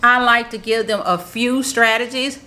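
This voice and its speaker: Woman, marketing coach type; bright, upbeat, motivational tutorial read, repeats her points. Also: on the high side, moderate pace. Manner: repeats points in plain, encouraging teaching talk. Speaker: marketing strategist. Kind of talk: casual how-to tutorial to camera.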